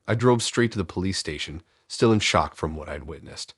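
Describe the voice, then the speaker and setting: A man narrating first-person horror stories in a steady, hushed, scripted delivery. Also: deep voice, moderate pace, breathy edge, no echo, clean studio sound.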